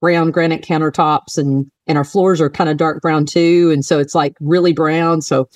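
A woman co-hosting a podcast, chatting casually, laughing often and with animated asides. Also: low-pitched, moderate pace, no room sound, distant mic. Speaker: podcast co-host. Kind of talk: casual chat.

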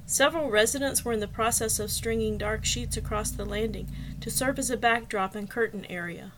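A woman narrating her own novel as an audiobook, reading with expressive storytelling. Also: fairly high pitch, slight background noise.

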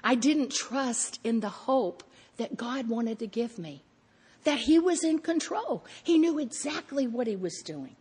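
Husky-voiced woman preaching in a hall. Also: on the high side, unhurried. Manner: animated storytelling, acting out her own inner voice. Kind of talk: sermon.

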